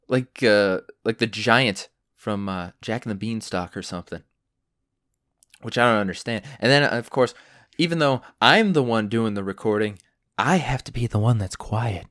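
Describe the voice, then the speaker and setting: A man's voice: mid-range voice, lively intonation, normal speed, fairly bright tone, no room sound, clean studio sound. A young adult man hosting a solo podcast, telling stories in a profane, ranting way. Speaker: podcast host.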